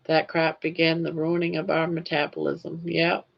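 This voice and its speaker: A woman's voice: sits low, level tone, normal speed, vocal fry, lo-fi sound. Chatty older woman livestream host. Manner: chatty storytelling, laughs often. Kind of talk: casual chat.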